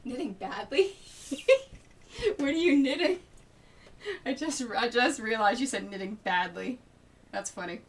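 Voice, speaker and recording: A woman's voice: on the high side, measured pace, pauses often. A woman quilter chatting casually on a live stream as she sews, thinking aloud and greeting viewers by name. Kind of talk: casual live-stream chat while sewing. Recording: distant mic with faint noise.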